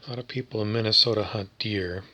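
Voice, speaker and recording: Bright-voiced man rambling wryly. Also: fairly low pitch, fast. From Canada. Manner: meandering, wry, with many fillers. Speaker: vlogger. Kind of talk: rambling monologue.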